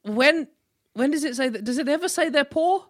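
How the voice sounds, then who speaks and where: A man's voice: very high-pitched, animated, normal speed, fairly bright tone. A man co-hosting a podcast in casual chat, laughing often, swearing and acting out quoted lines. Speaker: podcast co-host.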